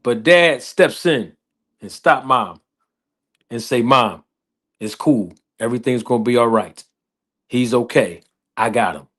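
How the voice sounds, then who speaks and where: A man telling a story slowly and deliberately, repeating phrases as he builds it up. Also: mid-range voice, fairly bright tone. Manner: slow, deliberate, repetitive storytelling with laughs. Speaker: podcast host. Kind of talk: slow storytelling.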